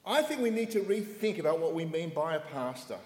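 A man preaching a sermon in a church hall in short phrases, pausing so an interpreter can follow. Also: a little high, sing-song, a little mellow. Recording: echoey hall with long reverb.

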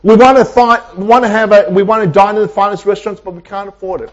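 A male pastor delivering a sermon in a church, preaching emphatically with repetition and dramatic pauses. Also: high voice, steady tone, dull audio. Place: church with online Zoom audience.

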